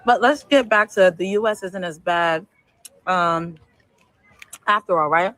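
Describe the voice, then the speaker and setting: A woman's voice: lowish voice, unhurried, a bit bright, no room sound, poor audio. Lady vlogging on her lunch break, chewing between sentences, casual. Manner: eating while talking. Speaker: teacher. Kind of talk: casual vlog talk.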